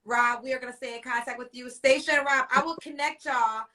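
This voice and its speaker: A woman's voice: high-pitched, steady tone, a little fast, sharp tone, distant mic. A woman hosting a live online talk show, effusive and emotional as she speaks. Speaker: host.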